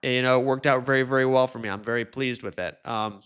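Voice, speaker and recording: A man hosting a solo podcast, talking casually and chattily, now and then mimicking others in a high mocking voice. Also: steady tone, fast talker, a bit bright, clean tone. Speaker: podcast host.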